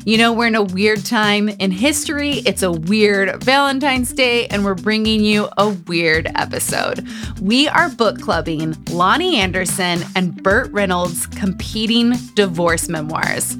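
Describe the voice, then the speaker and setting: A woman's voice: medium pitch, expressive, measured pace, over music. A woman in her thirties hosting a podcast in a chatty, bubbly way, rambling with lots of filler words. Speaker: podcast host.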